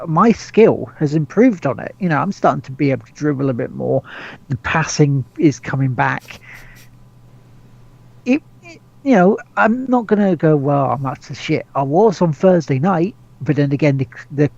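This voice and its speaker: A man's voice: fairly high pitch, gravelly, a little mellow, dull audio. A man hosting a podcast in casual chat, rambling with lots of restarts, swearing and laughs. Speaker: podcast host.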